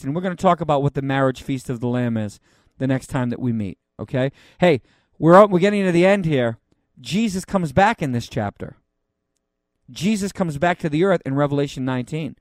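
A man, a pastor, teaching the Bible verse by verse in a conversational way, with joking asides and loud, emphatic readings of the scripture. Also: a little high, lively intonation, fairly quick, no echo, studio quality.

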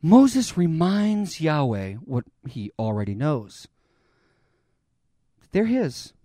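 A man preaching a sermon, dramatic and expressive as he retells a scripture scene. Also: on the high side, takes it slowly, dry recording, studio quality. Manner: dramatic, voices God and Moses in the retelling.

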